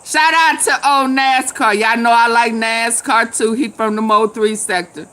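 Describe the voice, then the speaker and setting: A tipsy woman, hosting a casual live chat, loud and laughing, swearing and calling out viewers by name. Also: a little high, steady tone, a little slow. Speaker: live stream host.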